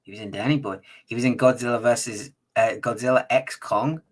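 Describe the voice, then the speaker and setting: A man co-hosting a podcast in casual chat. He is relaxed and drops short asides, and his voice sits at a middle pitch. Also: brisk. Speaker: podcast co-host.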